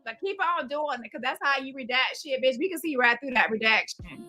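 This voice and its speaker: Woman, confrontational commentary, profane, high voice. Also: animated, a little fast, pushed and bright. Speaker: commentary host. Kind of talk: heated commentary rant.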